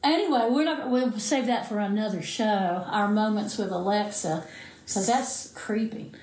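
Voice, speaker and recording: A middle-aged woman chats and reminisces at a relaxed, mid-range pitch, often laughing as she tells stories. Her voice rings with the echo of a roomy space. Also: moderate pace. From Appalachian United States. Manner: chatty, laughing storyteller. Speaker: podcast co-host. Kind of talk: casual chat.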